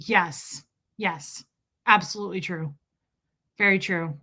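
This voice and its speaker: A female livestream host with a voice on the low side sounds pushed and bright, speaking at a measured pace and pausing often. She confides a heartfelt personal story to her chat, with many restarts.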